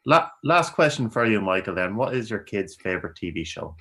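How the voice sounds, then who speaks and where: Low-voiced man asking quick questions. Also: sing-song, a bit bright. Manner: brief, upbeat questions. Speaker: podcast host. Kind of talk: rapid-fire interview questions.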